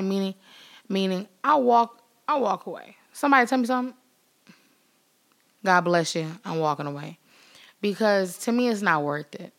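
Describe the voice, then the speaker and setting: A woman's voice: mid-range voice, a bit bright. Emphatic woman giving a pep talk. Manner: emphatic, repeats phrases for emphasis; speaks straight to viewers, acts out quoted voices. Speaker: vlogger. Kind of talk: motivational vlog talk to camera.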